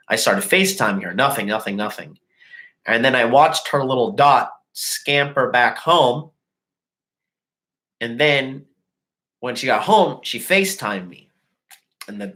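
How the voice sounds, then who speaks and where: A man's voice: medium pitch, moderate pace, poor audio. Man telling a crude story. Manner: crude, profane, animated storytelling with mocking quoted voices. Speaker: host. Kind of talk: casual storytelling to a live chat.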